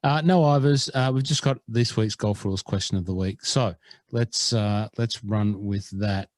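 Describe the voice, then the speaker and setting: Australian male podcast co-host, low-ish voice, rambling and self-deprecating, dry close recording. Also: moderate pace, darkish tone, dry recording. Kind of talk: casual chat.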